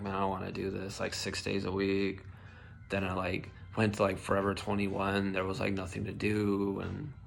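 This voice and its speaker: A man's voice: on the low side, creaky, fairly bright tone, a little hiss or hum. A young man telling a personal story in a casual vlog, heated and emotional, swearing a lot and filling with "like" and "dude", his voice shaking. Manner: heated, swears often, many likes and dudes. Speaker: vlogger.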